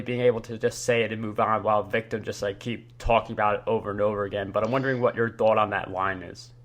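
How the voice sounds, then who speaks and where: A man hosting a podcast, asking reflective questions in a measured way. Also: lowish voice, fairly bright tone. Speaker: podcast host. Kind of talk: interview questions.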